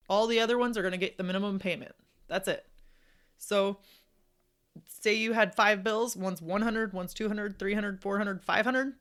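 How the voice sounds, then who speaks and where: A woman's voice: medium pitch, fairly bright tone. Emphatic motivational woman podcaster. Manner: encouraging, emphatic, colloquial. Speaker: podcast host.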